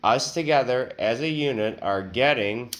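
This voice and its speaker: A man's voice: mid-range voice, moderate pace, a bit bright. Crude rambling male podcast host. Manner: crude, rambling, self-mocking. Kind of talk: casual comedic podcast chat.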